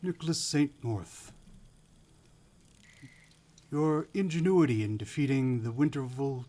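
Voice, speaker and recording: Kindly old festive hero, soft-spoken, voiced by a male game master. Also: fairly high pitch, exaggerated voice.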